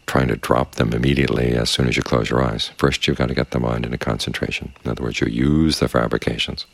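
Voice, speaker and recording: Very deep gravelly calm meditation teacher. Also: male voice, dry recording. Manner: calm, measured, unhurried. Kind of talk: dharma talk. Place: quiet meditation space with crickets outside.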